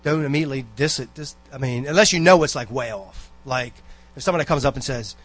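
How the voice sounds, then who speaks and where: A man's voice: medium pitch, fast talker, fairly bright tone. A man giving a rambling, folksy exhortation to a church congregation, full of asides and personal stories. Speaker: church member giving a talk.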